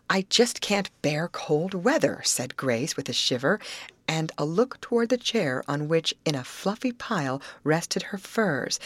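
A woman reading a novel aloud in a measured storytelling manner. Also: sits low, no room sound. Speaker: audiobook narrator. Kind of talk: scripted narration of a novel.

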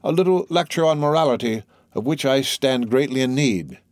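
In a dry, studio-quality recording, a man reads the part of a sly, wheedling young scholar, his expressive mid-range voice darkish in tone and moving at a moderate pace. He pitches it a bit above his natural voice yet keeps it close to everyday speech, sounding coaxing and mock-innocent.

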